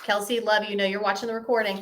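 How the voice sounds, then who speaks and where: A woman's voice: mid-range voice, flat delivery, fast, a bit bright, a little hiss or hum. A woman hypnosis practitioner telling stories in a casual Q&A. She acts out the dialogue, leans on "like" a lot, and laughs through the punchlines. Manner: chatty, acts out quoted dialogue, frequent "like". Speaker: hypnosis practitioner and course founder. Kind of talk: casual storytelling Q&A.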